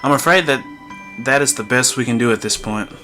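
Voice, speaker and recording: A man voicing a calm middle-aged male hospital doctor who explains things in a measured, reassuring way. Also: mid-range voice, faint music behind, close to an everyday voice.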